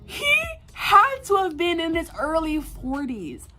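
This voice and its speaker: A young woman who makes art vlogs tells a work story in casual chat, animated and exasperated, peppering it with filler words and sighs. Her voice is very high-pitched, and she speaks at an unhurried pace.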